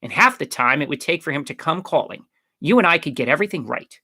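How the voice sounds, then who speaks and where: A man's voice: a little high, animated, quick pace, pushed and bright, breathy edge, exaggerated voice. A man playing a cheeky teen girl. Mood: playful. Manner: playful, teasing. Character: cheeky, lively teen girl, warm friend.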